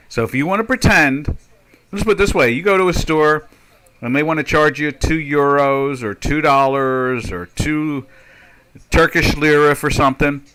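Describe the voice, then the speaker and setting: Bright-voiced older man, rambling market talk. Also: a little high, clean tone. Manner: rambling, sarcastic, mimics media voices. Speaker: market analyst host. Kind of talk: live trading webinar talk.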